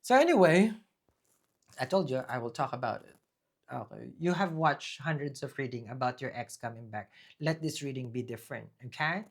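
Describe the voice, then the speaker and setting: A man giving a casual tarot reading. He rambles and restarts, speaks with a preaching tone about faith, and bursts into loud, emphatic talk. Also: medium pitch, animated, normal speed, vocal fry. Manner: rambling, with frequent fillers and restarts. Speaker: tarot reader. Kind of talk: casual spoken tarot reading with personal testimony.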